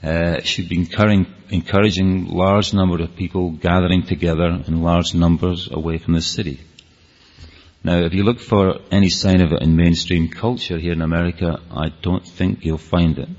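Scottish guy lecturing an audience, kinda husky, lots of restarts, long hall reverb. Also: deep voice, fairly even intonation, normal speed, darkish tone. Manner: earnest, rambling, with frequent restarts. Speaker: speaker. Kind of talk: public talk to an audience. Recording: dull, lo-fi hall recording.

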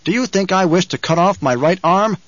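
Audiobook: man voicing a young duke, cold and commanding, raised pitch, crisp dry sound. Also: a little fast, no echo, lo-fi sound, natural voice.

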